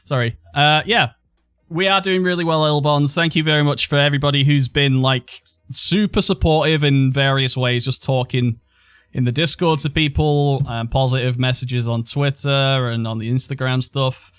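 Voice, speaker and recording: A man's voice: mid-range voice, steady tone, moderate pace, a bit bright, clear, resonant tone, dry recording, studio quality. A man streaming casually, sarcastic and joking, jumping between topics.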